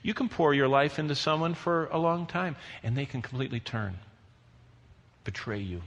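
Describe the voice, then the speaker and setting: A man's voice: fairly high pitch, moderate pace, fairly bright tone. A man preaching a sermon as pastor, earnest and emphatic, building lists of phrases. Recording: long hall reverb.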